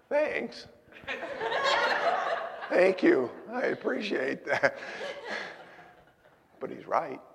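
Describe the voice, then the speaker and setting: A man preaching a sermon, telling stories and moving from loud urging to hushed asides. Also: extremely high pitch, creaky, heavy background noise. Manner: storytelling, swinging from loud exhortation to hushed asides. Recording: hall with long reverb.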